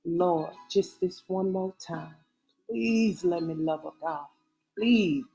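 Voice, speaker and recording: Brief: woman reading as an anguished adult man lover, very slow, pleading, faint music under it. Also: lowish voice, warm tone. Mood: prayerful. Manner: emotional, pleading, breaking into cries. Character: distraught grown man lover, pleading and prayerful. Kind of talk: audiobook reading of a novel.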